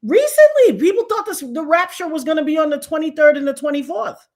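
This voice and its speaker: Woman host, lively storyteller, high voice, casual chat. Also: fast talker. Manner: animated storyteller acting out quotes. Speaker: show host.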